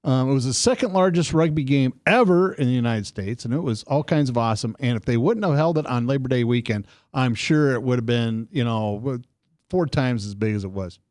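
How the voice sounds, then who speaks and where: A man co-hosting a casual political radio chat, telling stories in an animated, lively way. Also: a little fast, dry recording, studio quality. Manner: animated storytelling, lively pitch swings. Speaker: co-host. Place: studio.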